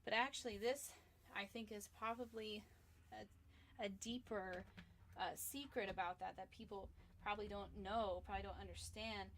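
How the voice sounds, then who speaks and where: A woman's voice: mid-range voice, steady tone, normal speed, a bit bright, slight background noise. A sleepy young woman talks casually while sketching, rambling through a long story. She fills her talk with "like" and "um" and sounds worn out. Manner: rambling storyteller, many fillers. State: sleepy, tired. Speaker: comic artist livestreaming a drawing session. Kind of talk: casual chat while drawing.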